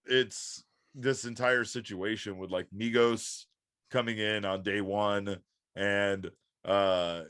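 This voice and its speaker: A man co-hosting a wrestling podcast in casual chat, excitable, swearing freely and laughing often. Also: lowish voice, dry recording, studio quality. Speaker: podcast co-host.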